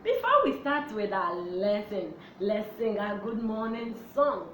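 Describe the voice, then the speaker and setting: A woman teaching young children a phonics lesson, in a slow, sing-song, animated way. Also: medium pitch, lo-fi sound. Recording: echoey room with faint background noise.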